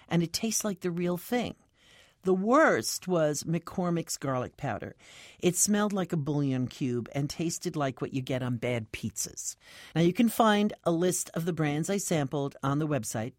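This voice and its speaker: A woman's voice: sits low, darkish tone, dry recording, clean studio sound. A woman hosting a public radio food program, interviewing a guest and reading sponsor messages. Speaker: radio show host.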